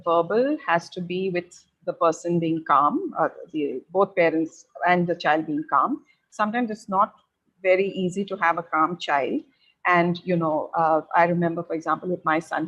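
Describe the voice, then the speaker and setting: A middle-aged woman giving parents measured advice, pausing often on fillers as she explains. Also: lowish voice, fairly bright tone, rough recording. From India. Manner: measured and advisory, with frequent filler pauses. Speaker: parenting educator.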